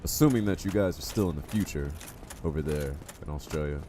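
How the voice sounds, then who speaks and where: A man's voice: extremely low pitch, fairly quick, warm tone, a little hiss or hum. A man streaming a game live, chatting casually and joking with his viewers. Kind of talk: casual live-stream chat while playing.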